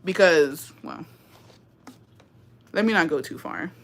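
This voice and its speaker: A young woman livestreaming, telling a story to her viewers in an animated, profanity-laden way and slipping in Spanish phrases. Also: deep voice, takes it slowly, slight background noise.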